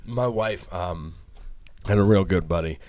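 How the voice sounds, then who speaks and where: A man co-hosting a podcast, chatting casually and acting out the people in his stories with lively quotes. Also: low voice, measured pace. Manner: animated storyteller, acts out quotes. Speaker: podcast co-host. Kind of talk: casual chat.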